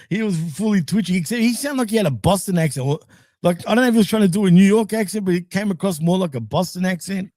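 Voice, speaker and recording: A man's voice: high voice, lively intonation, quick pace, darkish tone, dry recording, studio quality. A man co-hosting a podcast, chatting casually through a wrestling recap, rambling and laughing often. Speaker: podcast co-host.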